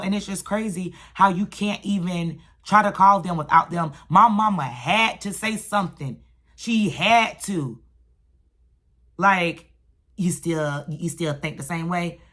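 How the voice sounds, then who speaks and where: A woman, telling a story on her vlog in a ranting, animated manner. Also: fairly low pitch. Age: adult, has a daughter. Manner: animated, vents and rants, quick shifts. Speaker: vlogger.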